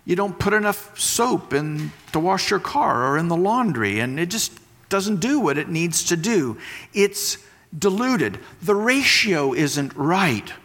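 A man's voice: high voice, very animated, unhurried, a bit bright. A married man preaching a sermon, teaching through everyday comparisons and repeating key phrases for emphasis. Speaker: pastor. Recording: long hall reverb.

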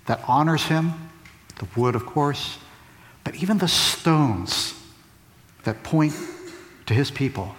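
A man preaching a sermon, asking rhetorical questions and repeating key phrases for emphasis. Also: mid-range voice. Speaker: pastor. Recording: long reverb of a large hall.

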